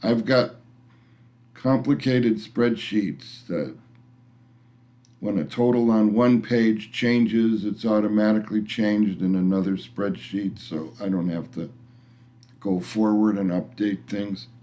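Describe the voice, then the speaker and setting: A man's voice: on the low side, takes it slowly, dark tone. A middle-aged man ranting to the camera in a vlog, grumpy and blunt, rambling with frequent restarts. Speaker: vlogger. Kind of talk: casual rant to camera.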